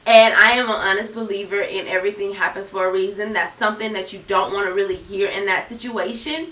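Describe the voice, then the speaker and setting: A young woman in her twenties, a YouTuber, tells a personal story in a storytime vlog, speaking straight to her viewers in an earnest, chatty way. Her medium-pitched voice is steady and sharp, and she talks fairly quickly. The mic sits far back in an echoey room.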